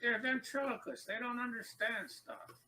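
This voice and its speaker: A man voicing a cheeky, sassy boy dummy in a ventriloquist comedy act, firing back quick comebacks. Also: very high-pitched, steady tone, bright, forceful tone, a little hiss or hum, pitched above the performer's own voice, heavily acted, low-quality recording. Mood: wisecracking.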